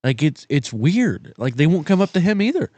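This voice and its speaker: A man's voice: fairly high pitch, very animated, moderate pace, darkish tone, no echo. Young guy telling stories on a podcast, acts out what people said, keeps repeating himself, dry close mic. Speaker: podcast guest. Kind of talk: casual storytelling chat.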